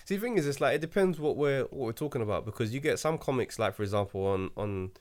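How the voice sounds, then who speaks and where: A man's voice: medium pitch, lively intonation, quick pace, darkish tone. A man who works as a stand-up comedian, talking in an emphatic, slangy way in a casual chat.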